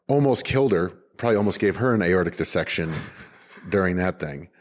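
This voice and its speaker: A man in his forties with a lowish voice talks loosely on an unedited podcast. He is upbeat and looks forward, circling his point with "like" and false starts. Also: animated, a little fast. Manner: rambling, upbeat, peppered with "like" and restarts. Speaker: podcast co-host. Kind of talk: casual unedited chat.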